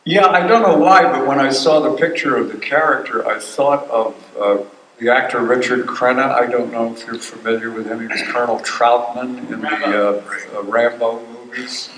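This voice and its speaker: A man's voice: medium pitch, fairly even intonation, normal speed, fairly bright tone, a little hiss or hum. An older man, a voice actor guest at a convention panel, telling wry stories and acting out quotes. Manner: wry storyteller who acts out quotes. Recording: roomy hall, voice from a distance.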